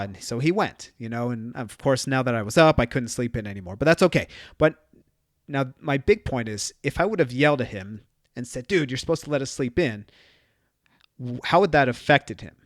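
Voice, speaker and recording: A man's voice: medium pitch, expressive, moderate pace, no echo, studio quality. A man in his thirties hosting a solo podcast, telling parenting stories in a conversational way and acting out bits of dialogue. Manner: conversational storytelling with quoted dialogue. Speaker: podcast host.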